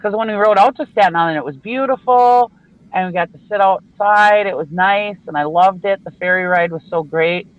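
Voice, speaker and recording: A chatty, blunt woman from Minnesota, a live show regular, tells stories with plenty of laughter during a casual online video call. Her mid-range voice runs a little fast. The recording is muffled, with no room sound.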